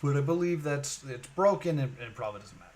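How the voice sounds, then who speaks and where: A man's voice: mid-range voice, expressive, fast talker, a little mellow, low-quality recording. A man streaming a puzzle game, thinking aloud in a musing, hesitant way with many fillers.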